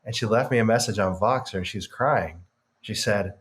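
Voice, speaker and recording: Earnest low-voiced man telling his story. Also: a little fast, fairly bright tone. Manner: earnest, reflective storytelling with emphatic stresses. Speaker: guest, business coach. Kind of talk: casual podcast interview.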